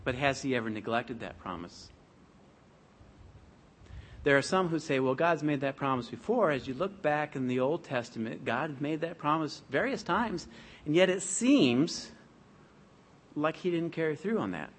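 A man preaching a sermon, reading scripture aloud in a measured, emphatic way. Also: a little high, expressive.

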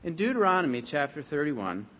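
A man preaching a sermon, reading scripture aloud in a measured, emphatic way. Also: a little high, very animated, a bit bright.

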